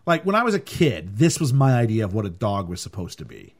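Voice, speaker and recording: Lively man recapping a film. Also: fairly low pitch, fast talker. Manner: animated, acts out quotes, laughs often. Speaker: podcast co-host reviewing a film. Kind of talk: casual chat.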